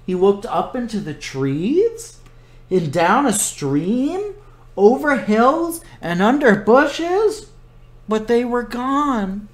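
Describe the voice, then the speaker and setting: Man reading a kids' picture book out loud, slow and gentle, takes his time with every line. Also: very high voice. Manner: slow, gentle, expressive storytelling. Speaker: children's story time reader.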